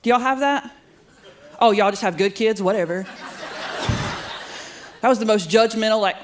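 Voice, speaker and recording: A woman's voice: fairly high pitch, moderate pace, pauses often, slight background noise. A middle-aged woman doing a stand-up comedy set, sassy and self-deprecating, chatting with the crowd. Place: comedy club studio with live audience.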